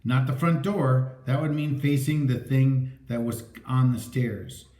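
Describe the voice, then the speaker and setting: A man narrating a story aloud with a dramatic, lively reading. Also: medium pitch, a little slow. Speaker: audiobook narrator. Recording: echoey room.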